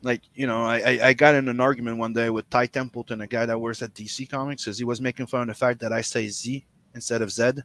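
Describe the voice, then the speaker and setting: A man from Canada hosting a casual podcast chat, animated and profane, often stammering and restarting his sentences. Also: medium pitch, fast, hardly any pauses. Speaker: podcast host.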